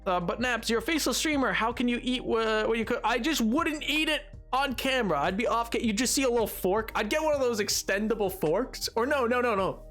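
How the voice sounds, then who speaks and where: A man's voice: very high voice, a little fast, few pauses, fairly bright tone, soft background music. A man live-streaming a game, chatting casually and playfully with his viewers, rambling and pleading in mock protest as he reacts to chat. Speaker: livestreamer. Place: home streaming setup. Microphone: desk microphone.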